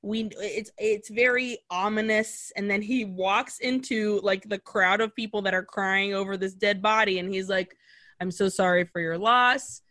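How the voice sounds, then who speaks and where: A woman's voice: medium pitch, normal speed, hardly any pauses. A woman co-hosting a podcast, recapping a film in casual chat, acting out lines and swearing freely. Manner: animated storytelling, acts out characters' lines; swears casually, laughs often. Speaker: podcast co-host.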